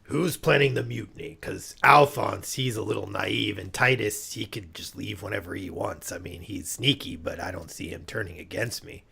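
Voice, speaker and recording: Man player, gravelly, husky, hesitant. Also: lowish voice, normal speed, hardly any pauses, bright, forceful tone. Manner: hesitant, full of ums. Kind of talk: tabletop game play.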